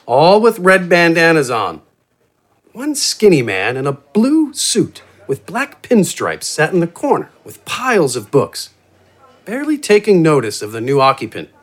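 A man reads a fantasy tale aloud, his pitch rising and falling with lively range. His middling voice carries an expressive, playful storytelling manner. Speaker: narrator. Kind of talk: scripted fantasy story narration.

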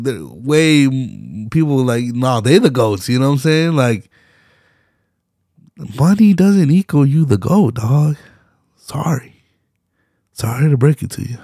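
A young man rants casually on his own solo podcast, full of slang, swearing and laughter. His voice is mid-range and a little mellow, recorded dry with studio quality.

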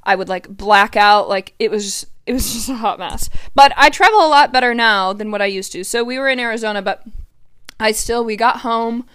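A woman's voice: fairly high pitch, fairly quick, a bit bright, clear, resonant tone, dry recording. A woman in her twenties hosting her own podcast, chatting casually in a bubbly way, full of fillers and "like"s, into a podcast microphone at home. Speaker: podcast host. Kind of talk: casual solo podcast chat.

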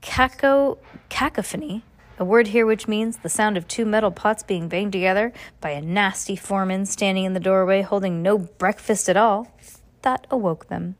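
A woman's voice: medium pitch, fairly even intonation, normal speed. Casual woman reading a book aloud. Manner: casual, stumbles on hard words. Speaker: reader.

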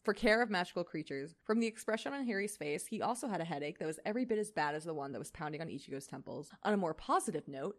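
A woman's voice: fairly low pitch, lively intonation, quick pace, hardly any pauses. A tired young woman reading a fanfic aloud, breaking off into chatty asides with lots of fillers. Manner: chatty, many fillers, laughs often. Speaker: reader.

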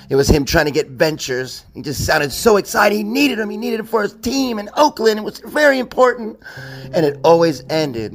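A man giving an emotional, excited tribute speech, at times shouting a catchphrase. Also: on the high side. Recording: speech with loud music behind.

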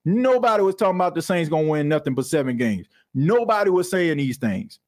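New guy hosting a sports podcast, kinda high voice, animated and slangy. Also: brisk. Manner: animated, conversational, drops into slang. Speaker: podcast host. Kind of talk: casual sports talk.

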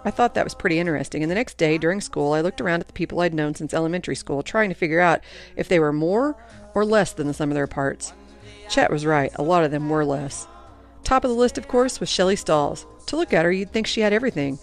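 A woman reading first-person audiobook narration in an earnest, expressive way. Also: low-pitched, fast, faint music behind.

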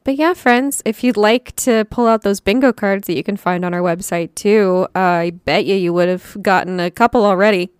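A woman of middle pitch co-hosting a podcast, chatty and giggly, often laughing mid-sentence. Her voice sits close and dry on the mic, with no room sound. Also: normal speed, hardly any pauses, smooth, no room sound. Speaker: podcast co-host and storyteller. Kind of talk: casual chat.

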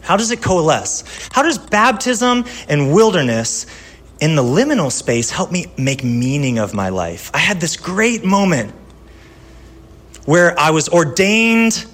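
A man pastor giving a sermon in a conversational style, telling personal stories and dropping from lively to hushed. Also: on the high side, measured pace.

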